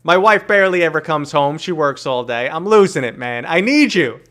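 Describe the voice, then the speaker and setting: A man's voice: fairly high pitch, expressive, brisk, a bit bright. A man in his thirties with a New York accent, hosting a casual podcast, teasing his guest and reading chat comments aloud. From New York City. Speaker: podcast host and streamer.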